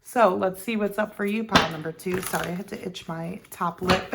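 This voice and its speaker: Woman tarot reader, casual chatty delivery with fry, lots of ums and restarts. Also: mid-range voice, expressive, normal speed, very noisy. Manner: chatty, meandering, with many ums and self-corrections. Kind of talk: casual pick-a-card tarot reading.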